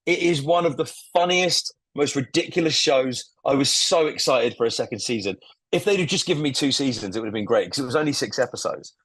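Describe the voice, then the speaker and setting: A man's voice: medium pitch, animated, brisk, fairly bright tone, breathy edge, no echo. A man co-hosting a podcast, enthusiastically recounting a comedy show and swearing freely. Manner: enthusiastic, swearing, acting out scenes. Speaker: podcast co-host. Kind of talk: casual podcast chat.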